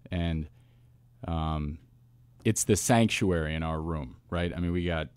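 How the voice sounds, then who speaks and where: Deep-voiced man telling a story. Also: clear, resonant tone, no echo, studio quality. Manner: animated storyteller, quick asides and restarts. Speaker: wide receivers coach, guest. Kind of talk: casual interview storytelling.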